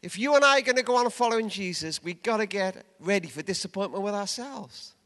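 An older man preaching a sermon at a conference, emphatic, dropping from loud urging to hushed asides. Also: high voice, expressive, a little fast. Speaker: conference speaker. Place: large event hall. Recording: long reverb of a large hall.

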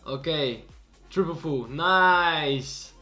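A man, hosting and commenting on clips in a reaction video, excitable and quick to exclaim and laugh. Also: fairly high pitch, faint music behind. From Bulgaria. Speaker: host.

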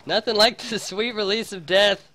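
A man's voice: sits high, steady tone, normal speed, sharp tone. A man streaming a role-play game, complaining melodramatically and swearing a lot. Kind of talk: casual role-play chat.

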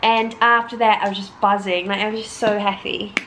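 Casting: chatty young woman, New Zealand accent, casual vlog co-host, quick to exclaim. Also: mid-range voice, flat delivery, background noise. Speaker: vlogger co-host. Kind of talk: casual chat.

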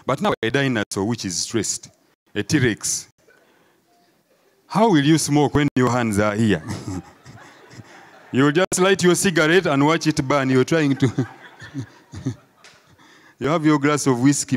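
Ugandan guy doing stand-up, animated storytelling, keeps throwing "eh?" at the crowd, mid pitch. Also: a little slow, long pauses. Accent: Ugandan English. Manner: animated storytelling, acts out crowd voices, peppered with "eh?". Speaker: stand-up comedian. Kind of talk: stand-up comedy set. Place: live comedy show before an audience.

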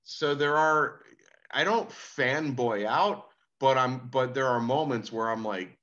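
A man's voice: mid-range voice, takes it slowly, fairly bright tone, lo-fi sound. A man who is a musician, guest on a podcast, telling laid-back anecdotes and quoting what people said. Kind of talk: casual interview storytelling.

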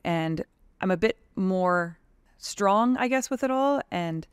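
A woman's voice: medium pitch, lively intonation, takes it slowly, clear, resonant tone, no room sound, clean studio sound. A woman in her thirties from Canada, a tradeswoman talking frankly and animatedly as a podcast guest, with lots of "like" in her speech. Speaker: guest, tradeswoman and advocacy leader. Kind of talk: casual podcast conversation.

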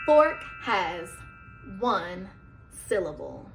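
Woman teacher, high lively voice, very slow, clear music behind, coaxing kids to repeat. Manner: slow, drawn-out teacher talk with prompts for kids. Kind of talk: children's lesson.

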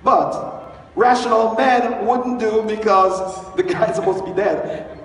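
A man preaching a sermon as pastor, telling the story in an animated, chatty way and chuckling often. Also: high-pitched, slow pace. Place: church sanctuary. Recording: echoey hall, far from the mic.

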